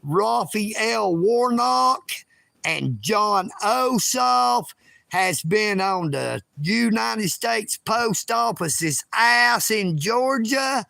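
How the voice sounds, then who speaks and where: A high, gravelly male voice with a drawl talks slowly and loudly from his bedroom on a livestream. His tone is bright and sharp, and his talk is emphatic and self-promoting. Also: lively intonation, no room sound.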